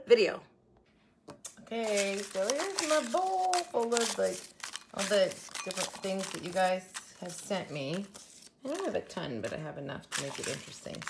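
A middle-aged woman chats through a homemade craft vlog in her kitchen, rambling and correcting herself as she goes. Her voice is bright and forward, sitting a little low for a woman, and now and then it drifts farther from the camera. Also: slight background noise. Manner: rambling, animated, self-correcting. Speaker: crafting channel host. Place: home kitchen.

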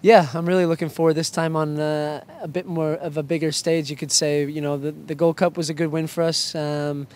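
A young man, a soccer player, answering quick-fire interview questions in a playful, joking way. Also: on the high side, little pitch movement, a little mellow. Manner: playful, joking, self-mocking.

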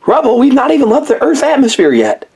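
A man voicing a clever, eager male inventor pup in a toy play-along story, insistent and excited. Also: very high voice, quick pace, breathy edge, voice pushed up, heavily acted.

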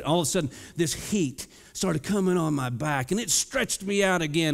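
A man preaching a sermon as pastor, telling a funny personal story in a lively, playful way and acting out the lines he quotes. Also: on the high side. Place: church sanctuary. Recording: church hall reverb.

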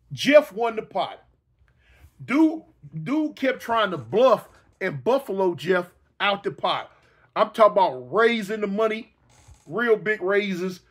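Animated high-voiced male storyteller. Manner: animated, repetitive, with sound effects. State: hiccups. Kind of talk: casual storytelling.

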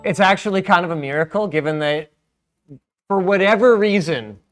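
A man's voice: sits high, moderate pace, faint music behind. A man from Canada in a casual gaming chat, matter-of-factly explaining tech and correcting his friend. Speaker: guest streamer.

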